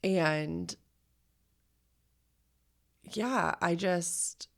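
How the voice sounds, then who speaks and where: A woman's voice: fairly low pitch, very slow, creaky. A woman co-hosting a podcast, talking earnestly and reflectively in casual conversation, acting out her own quoted thoughts. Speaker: podcast co-host.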